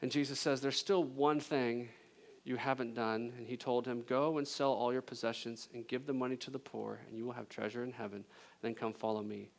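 A man preaching a sermon as pastor, conversational and joking, with emphatic swings between loud intensity and a hushed delivery. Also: medium pitch, fairly even intonation, brisk, gravelly. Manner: conversational with jokes and laughter.

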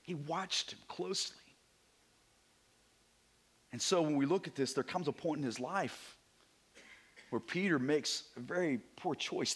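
A male pastor preaching a Sunday morning sermon, moving between hushed, intimate passages and emphatic, rising declarations. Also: high voice, normal speed, pauses often. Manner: swings from hushed to emphatic, repeats words when building a point.

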